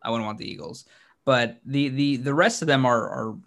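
A man co-hosting a sports podcast, talking casually in a mid-range voice. He gets animated and laughs a lot, and his pitch leaps upward when something excites him. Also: normal speed. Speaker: podcast co-host.

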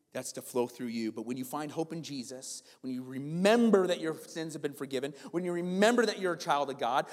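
Man, 40s, pastor preaching a sermon, shifts from loud to quiet, church hall reverb. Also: medium pitch. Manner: swings from loud preaching to soft storytelling.

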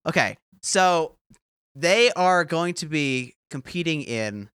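A man with a bright, lively voice that swings up and down chats on a comedy podcast. The sound is dry and close, and he laughs easily as he riffs. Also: on the high side, clear, resonant tone, no echo. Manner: animated, giggly, quick to laugh. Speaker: podcast co-host. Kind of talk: casual comedic chat.

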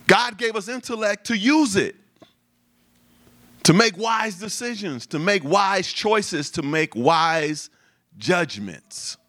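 Male preacher, high-ish bright voice, slow deliberate delivery. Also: no room sound. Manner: lively preaching with repetition and call-and-response. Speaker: pastor. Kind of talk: sermon.

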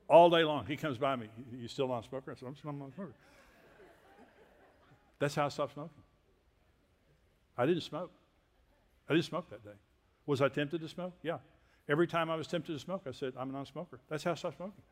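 An older man from Texas, a preacher telling personal stories in a sermon with folksy, self-deprecating humor and quiet asides. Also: on the high side, a little fast. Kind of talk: sermon storytelling. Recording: long hall reverb.

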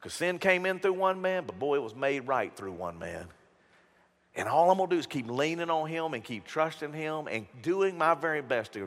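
A man's voice: very animated, moderate pace, fairly bright tone. A male pastor preaching a sermon in a folksy, emphatic style, talking straight to his congregation. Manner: folksy, emphatic preaching with big swings in pitch and volume. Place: church sanctuary. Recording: long hall reverb.

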